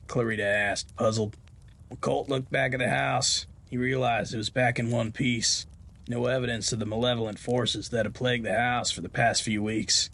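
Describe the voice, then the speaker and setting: A man's voice: mid-range voice, fairly even intonation, normal speed, fairly bright tone. A man hosting a podcast of Western horror tales, narrating a story in a folksy, homespun way.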